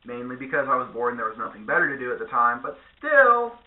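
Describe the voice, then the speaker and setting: A man delivering a sarcastic, profane vlog rant in a lively, animated way. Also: mid-range voice, quick pace, echoey room, phone-quality sound. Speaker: vlogger. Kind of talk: ranting monologue.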